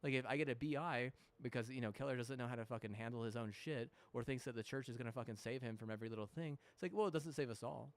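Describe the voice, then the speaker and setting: A man's voice: mid-range voice, fast, few pauses. A young man talking casually while playing a game, swearing a lot and restarting his sentences. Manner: heavy swearing, frequent restarts and fillers; mocking mimicry of apologies. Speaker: gamer. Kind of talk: rambling gaming commentary.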